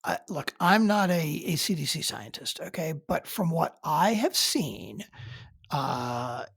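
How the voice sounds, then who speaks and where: A man's voice: fairly high pitch, sing-song, takes it slowly, creaky, fairly bright tone, slightly rough, no room sound, clean studio sound. A man co-hosting a podcast in casual chat, giving short wry replies. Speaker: podcast co-host.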